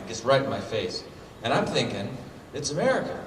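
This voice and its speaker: Convention guest, male, telling stories in a profane and animated way, echoey hall, mic far off. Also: mid-range voice, normal speed, slight background noise. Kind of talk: comic storytelling. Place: convention panel room.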